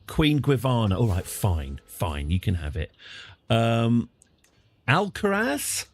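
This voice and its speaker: A man's voice: on the low side, big pitch swings, unhurried, a little mellow. A man streaming a strategy game live, chatting with jokey asides.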